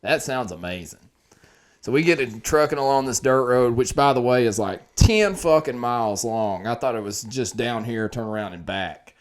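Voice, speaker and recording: A man spins a wild tale in casual podcast chat, cursing freely and jumping between loud bursts and quiet asides. His pitch sits in a middle register. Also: normal speed, few pauses. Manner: animated and profane, swinging loud and quiet.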